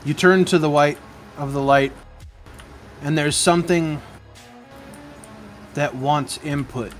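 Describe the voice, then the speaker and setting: A man narrating as game master in a tabletop game, slow and measured. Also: a little high, faint music behind.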